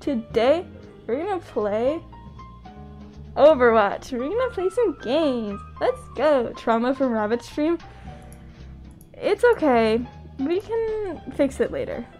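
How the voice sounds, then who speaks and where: A woman's voice: high voice, big pitch swings, slow pace, long pauses, darkish tone. A young woman streaming and chatting casually with her viewers, laughing often, from the US West Coast. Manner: giggly, talks to chat, laughs often. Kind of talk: casual live-stream chat. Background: faint background music.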